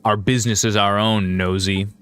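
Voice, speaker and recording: A man's voice: lowish voice, level tone, moderate pace, a bit bright, clear, resonant tone, lightly acted. A man voicing a grumpy, suspicious male mouse knight who speaks in blunt, cynical remarks.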